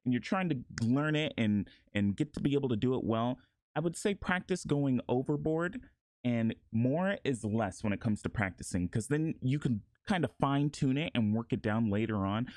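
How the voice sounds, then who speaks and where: A man's voice: medium pitch, expressive, normal speed, darkish tone, dry recording. A man talking casually through a voice acting tutorial, rambling a little with restarts. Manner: laid-back, rambling with many restarts and laughs.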